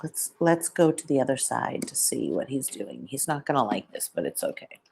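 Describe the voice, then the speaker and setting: Woman, deep low voice, casual live-stream chat, talks softly to her pet, home setting, plugged-in mic. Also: big pitch swings, normal speed, vocal fry, slightly rough. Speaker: vlogger. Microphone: plugged-in microphone.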